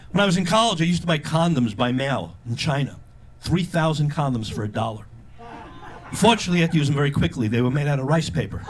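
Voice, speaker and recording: An older man performing a live stand-up comedy routine with a punchy delivery, often leaping into loud, high character voices. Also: lively intonation, quick pace, noisy background. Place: comedy stage before a live audience. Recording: live show with crowd laughter. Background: audience laughter.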